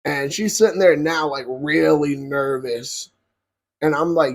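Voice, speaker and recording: A young man with a husky, slightly raised voice tells a range story straight to his viewers. He swears freely, gets animated and keeps asking "you feel me?". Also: a little high, unhurried. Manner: profane, animated, addresses viewers directly. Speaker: YouTuber telling a story. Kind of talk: casual storytelling to camera.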